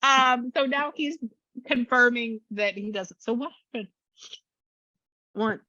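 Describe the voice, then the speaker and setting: A woman giving a spirit reading as a psychic medium, chatty and quick, with many fillers, over a video call. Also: on the high side, bright, forceful tone, dry recording. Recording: dull lo-fi audio.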